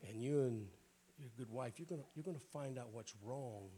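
A middle-aged man preaching an informal Pentecostal sermon in a church, hoarse and raspy, often clearing his throat, with folksy jokes to the congregation. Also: medium pitch, a little fast, mellow. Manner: folksy, joking asides to the congregation.

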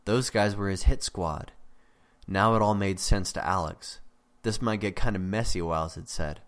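A man reading a novel aloud in plain, even scripted narration. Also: deep voice. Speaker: audiobook narrator.

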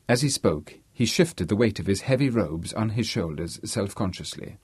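A man narrating a novel audiobook in a measured, expressive way. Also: sits low, slightly rough, no room sound, studio quality. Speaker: audiobook reader. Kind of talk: scripted narration.

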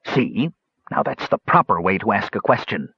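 A man's voice: on the low side, animated, moderate pace, creaky, sharp tone, slightly rough, no room sound, dull audio, heavily acted. A man voicing a capricious, mad old gnome king who mocks and threatens in an idle, sing-song way. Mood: mocking.

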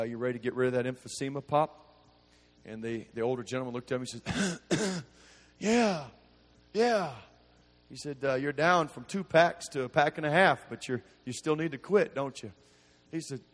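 Middle-aged male preacher, slightly higher voice, folksy storyteller turning fervent, in a reverberant sanctuary. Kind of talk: sermon storytelling. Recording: long reverb in a large room.

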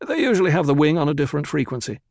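A man's voice: fairly high pitch, sing-song, rapid-fire, gravelly, a little mellow, dry recording, clean studio sound, voice pushed up, full character voice. Kynes, a man voicing a clipped desert ecologist. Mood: matter-of-fact. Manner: clipped, businesslike radio calls.

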